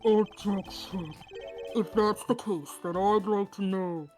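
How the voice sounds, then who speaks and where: A woman's voice: mid-range voice, slow pace, darkish tone, faint music behind, lightly acted. A woman voicing an impatient male sportsman in a muffled villain voice for a fan dub of a game, sounding dismissive.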